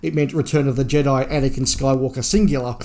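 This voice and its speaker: A man's voice: medium pitch, steady tone, quick pace, warm tone, a little hiss or hum. A man co-hosting a podcast, chatting casually in a joking, self-deprecating way with frequent stumbling restarts. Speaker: podcast co-host.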